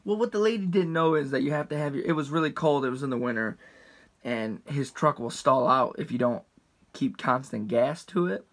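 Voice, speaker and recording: A man in his twenties casually telling a rambling, heavily profane story, with restarts and asides and quoted voices acted out. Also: normal speed. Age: 20s. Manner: acts out quotes with big pitch jumps. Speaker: storyteller vlogger.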